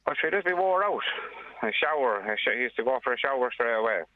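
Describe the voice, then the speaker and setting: An Irish father speaking earnestly on a radio phone-in, with plain, halting restarts. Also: mid-range voice, animated. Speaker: caller, father. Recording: dry tinny phone line.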